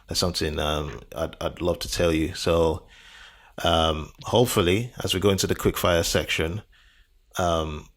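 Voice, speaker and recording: A man's voice: low-pitched, steady tone, a little slow. A man hosting a podcast in casual interview chat, upbeat and repeating words for emphasis. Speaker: podcast host.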